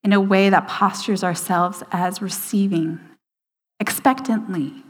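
A woman's voice: mid-range voice, fairly even intonation, husky. Woman preaching in a reverberant hall. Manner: slow, emphatic pauses with hushed quoted lines. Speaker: speaker at a church service. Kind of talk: sermon.

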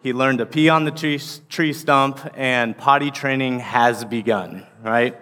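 A man's voice: mid-range voice, measured pace, pushed and bright. A man in his thirties, an associate pastor, preaching a sermon in a casual, rambling way full of fillers. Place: church sanctuary. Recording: long reverb of a large hall.

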